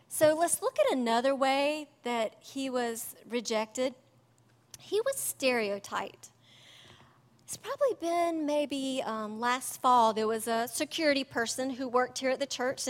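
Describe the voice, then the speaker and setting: A high-voiced woman gives a sermon in a chatty, animated way, often laughing along with her own stories. Her voice rings with the long reverb of a church hall.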